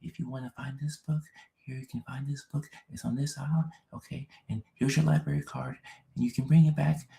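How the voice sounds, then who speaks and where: A man voicing a soft-spoken, talkative male librarian who murmurs helpful directions. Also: medium pitch, steady tone, a little fast, gravelly, voice pushed up. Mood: hushed helpful. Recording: roomy echo.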